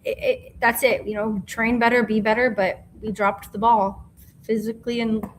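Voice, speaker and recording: A woman's voice: on the high side, flat delivery, moderate pace, slight background noise, rough recording. Woman co-host in emphatic sports chat. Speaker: podcast co-host. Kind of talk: casual sports talk.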